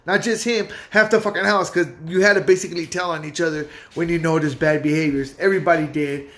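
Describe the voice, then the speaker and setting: A loud young man, casually telling his own story in street slang and acting out what people said. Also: a little high, fairly even intonation, fast talker.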